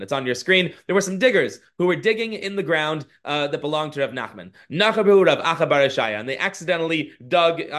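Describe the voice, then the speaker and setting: A man teaching a podcast lesson, reading Hebrew and Aramaic lines and translating them with lively storytelling. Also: fairly high pitch. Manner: lively storytelling of the Talmud passage. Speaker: Torah teacher.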